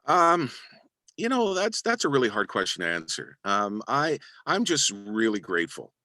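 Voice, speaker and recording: A man's voice: mid-range voice, sing-song, moderate pace, bright, forceful tone, no room sound. A middle-aged man, an arena announcer and voice-over actor, answering interview questions in a humble, grateful way with frequent restarts. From Canada. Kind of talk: interview guest, reflective storytelling.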